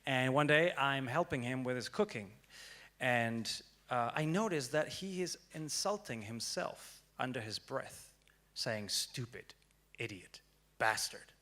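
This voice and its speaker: A young man giving a prepared storytelling talk on stage, dramatic and swinging from hushed to loud. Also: medium pitch, lively intonation, a little slow. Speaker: speaker. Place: stage before an audience.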